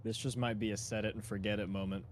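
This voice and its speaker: A man playing a game with friends, chatting casually in a relaxed, wisecracking way. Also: fairly low pitch, fast, a little hiss or hum. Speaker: co-player. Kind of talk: casual gameplay chat.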